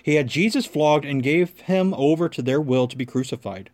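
A man reading scripture aloud as lector, in a measured, clear narrating voice. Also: on the high side, darkish tone.

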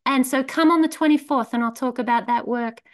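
A woman leading a recovery meeting, telling a story in a relaxed way and slowing down on key lines. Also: sits high. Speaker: meeting leader.

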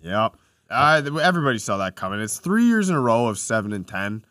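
A man on a sports podcast gives strong opinions in casual, ranting chat. His pitch moves widely as he talks, and the close, dry mic picks up no room sound. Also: fairly quick, dry recording. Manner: lively, opinionated, frustrated rants. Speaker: podcast co-host.

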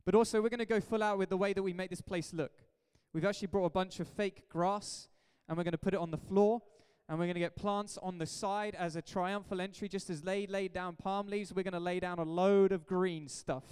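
Pastor, high resonant voice, emphatic and playful sermon delivery, long hall reverb. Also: male voice, brisk, hardly any pauses, clear, resonant tone. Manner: energetic, jokey, emphatic preaching. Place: church hall.

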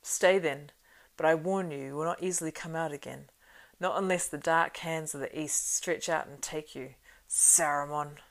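A woman reading the part of a stern, commanding old male wizard in an audiobook, grave and measured, with a low, gravelly voice. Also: steady tone.

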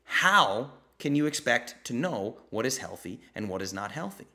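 Man, bright voice, blunt, fired-up, swears, host of a live Q&A. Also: medium pitch, sing-song, normal speed. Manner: mimics people in quoted voices. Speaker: podcast host answering listener questions. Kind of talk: live Q&A chat.

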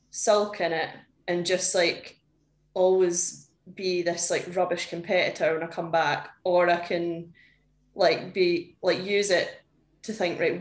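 A young woman, a powerlifter guest on a podcast, talking candidly and chattily with lots of "like" fillers. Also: on the low side. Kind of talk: casual interview chat. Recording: echoey room.

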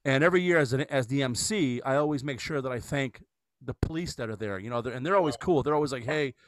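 A man's voice: mid-range voice, fast, no room sound. A man hosting a casual podcast chat, telling a rambling story with lots of restarts and fillers. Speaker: podcast host.

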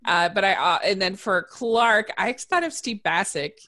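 A woman's voice: mid-range voice, animated, unhurried, sharp tone. A woman hosting a podcast who asks questions in a casual, hesitant way, with many "uh"s. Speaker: podcast host.

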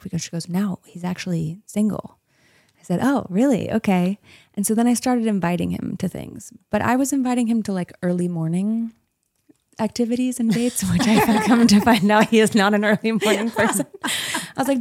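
Woman, 30s, guest; warm gravelly tone, chatty storyteller, dry close sound. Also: medium pitch, dry recording. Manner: chatty storytelling with frequent laughs. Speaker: podcast guest. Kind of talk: casual interview chat.

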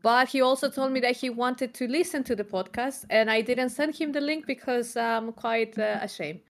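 Woman, high voice, giggly, excitable, casual podcast co-host. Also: moderate pace, creaky. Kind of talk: casual chat.

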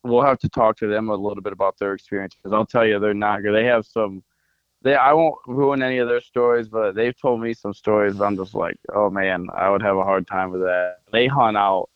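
A man's voice: on the low side, fairly even intonation, fairly quick, clear, resonant tone, no room sound, dull audio. A man on a podcast, casually telling a long hunting story full of fillers. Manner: rambling storyteller, lots of "like" fillers. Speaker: podcast co-host.

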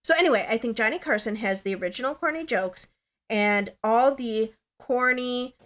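A woman's voice: a little high, normal speed, fairly bright tone. A woman hosting a podcast in casual chat, talking in a chatty, rambling way with many "like" fillers. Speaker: podcast host.

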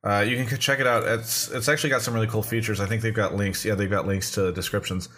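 Male host of a casual streamed show, slightly low pitch, talks in loose rambling bursts with lots of uhs and restarts. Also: fairly even intonation, quick pace, bright, forceful tone. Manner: rambling, restarts often, many fillers. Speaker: podcast host. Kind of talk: casual livestream talk show.

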